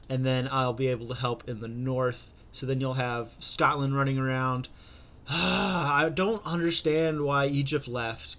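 A man's voice: mid-range voice, fairly bright tone. A young man hosting a gaming channel, chatting casually through a strategy game with lots of fillers and restarts.

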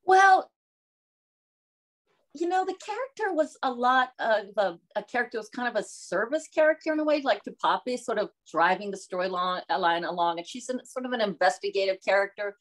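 A middle-aged woman from the American South, chatting in an interview as a guest, lively and quick to laugh, acting out quotes as she tells stories. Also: mid-range voice. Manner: animated, laughs often, acts out quotes. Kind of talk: casual interview chat.

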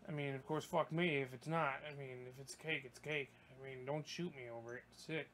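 A young man commentating his gameplay, swearing a lot and breaking into yelps and shouts when things go wrong. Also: medium pitch, steady tone, a little fast, a little hiss or hum. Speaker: gaming YouTuber. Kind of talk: let's play commentary.

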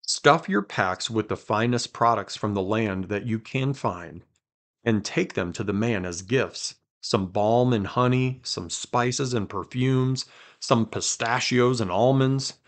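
A man hosting a podcast, reading scripture aloud with quiet dramatic emphasis and chatting between passages. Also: mid-range voice, slow. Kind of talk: conversational Bible reading.

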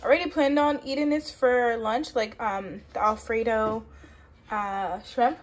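A woman's voice: a little high, steady tone, unhurried. A woman vlogging casually from her home kitchen, rambling and chatty with a lot of "like", in a New York accent. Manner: chatty, rambling, heavy use of "like". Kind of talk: casual vlog chat.

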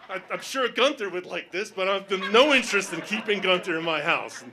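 A male stand-up comedian telling a story on stage, acting out the voices of other people and building up to panicked shouting. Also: sits high, expressive, fairly quick, few pauses, noisy background.

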